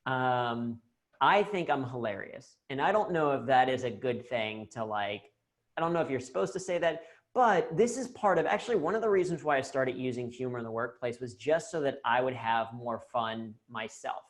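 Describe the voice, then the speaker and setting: An American man giving a lively, jokey talk on humor at work during a video-call Q&A. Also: medium pitch, normal speed. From United States. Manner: animated, jokey, self-deprecating. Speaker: humor and leadership speaker.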